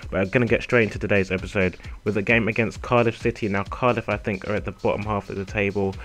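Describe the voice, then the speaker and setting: Male gaming commentator, slightly ill and raspy, casual and chatty, rapid delivery with lots of fillers. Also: fairly low pitch, steady tone, a bit bright, soft background music. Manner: chatty, laid-back, many ums and uhs. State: a little ill, hoarse.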